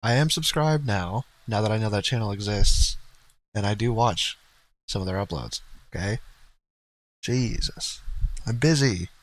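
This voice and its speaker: A man's voice: on the low side, measured pace, pauses often, dry recording, poor audio. A man co-hosting a livestream in casual, rambling chat, blunt and profane, laughing now and then. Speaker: streamer co-host.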